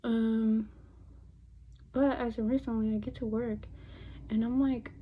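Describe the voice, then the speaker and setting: Young woman vlogging her makeup, cusses a lot, mixes in spanish, kinda husky, muffled phone sound. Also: a little high, steady tone, normal speed. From United States. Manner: chatty, loose, swears a lot, slips into Spanish. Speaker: beauty vlogger. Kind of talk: casual makeup chat. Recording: dull lo-fi phone audio.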